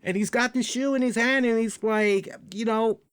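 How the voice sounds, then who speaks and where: A man hosting a podcast, casually reviewing wrestling in a chatty, profane, animated way. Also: extremely high pitch, normal speed, clean tone, no echo, clean studio sound. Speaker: podcast host.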